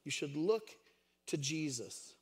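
Male pastor, sermon, conversational, gravelly, fairly high voice, echoey hall. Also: expressive, slow pace. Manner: conversational storytelling, many fillers.

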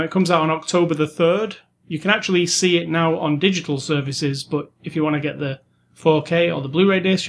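A man's voice: fairly high pitch, slight background noise. A man co-hosting a casual movie-review podcast, easygoing and joking, a bit rambling. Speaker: podcast co-host.

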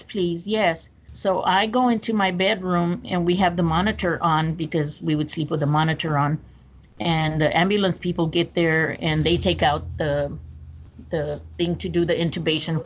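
A woman's voice: sits low, fairly even intonation, normal speed. A woman recounting a personal story as a guest, in an earnest, detailed way with small restarts. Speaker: podcast guest. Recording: slightly muffled with faint noise.

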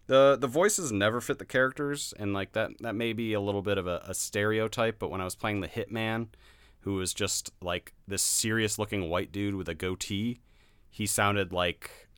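Man, low and bright, blunt laughing game reviewer; crisp, dry close recording. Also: fairly even intonation, moderate pace, no room sound. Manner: laughing, blunt, swears freely. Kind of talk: casual podcast chat.

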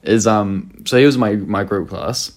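A man's voice: on the low side, moderate pace. A young man co-hosting a podcast, rambling through stories in casual chat, swearing and laughing often. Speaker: podcast co-host.

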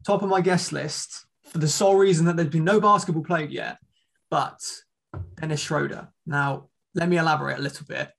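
A man co-hosting a podcast, rambling casually with drawn-out asides. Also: fairly high pitch, steady tone, vocal fry, a bit bright. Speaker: podcast co-host.

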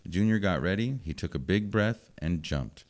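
Man, very deep voice, children's storybook reading, plain steady delivery. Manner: slow, even, simple phrasing for children.

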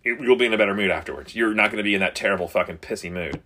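A man's voice: fairly low pitch, racing, bright, forceful tone. A man co-hosting a casual podcast chat, joking and swearing as he tells stories. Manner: profane, joking storyteller.

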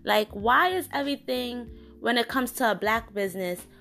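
A woman's voice: on the high side, moderate pace, gravelly, fairly bright tone. A woman hosting her own show, giving a casual, frank opinion monologue with an indignant edge and lots of fillers and restarts. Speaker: podcast host.

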